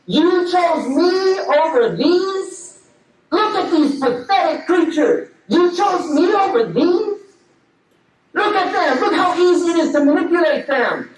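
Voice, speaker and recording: Sneering devil tempter, scornful and taunting, put on by a male preacher, high voice, roomy and distant. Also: animated, a little slow, slight background noise. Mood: gloating. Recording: roomy echo, distant mic.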